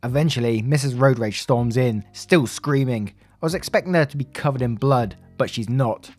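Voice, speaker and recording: A man narrating online stories for his channel in a middle pitch, breaking off for casual, chatty asides to viewers. Quiet music runs faintly under his voice. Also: moderate pace, dry recording. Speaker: story narrator. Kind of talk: reading online stories aloud.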